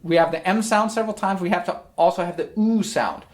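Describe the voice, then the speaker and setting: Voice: mid-range voice, fast. Teacher, friendly lesson, explains step by step, checks understanding often. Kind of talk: recorded lesson on Shakespeare's language.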